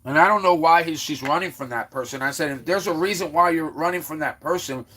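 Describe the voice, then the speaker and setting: A man hosting a livestream, telling a long story in a rambling way, stumbling over repeated words and quoting others in his own voice. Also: fairly quick. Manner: exclaims loudly then trails off low. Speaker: livestream host. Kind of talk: casual ranting monologue.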